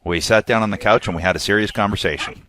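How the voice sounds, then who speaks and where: Low-voiced joking podcast co-host. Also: male voice, fast talker, fairly bright tone, a little hiss or hum. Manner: joking, mock trash-talk. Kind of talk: casual podcast banter.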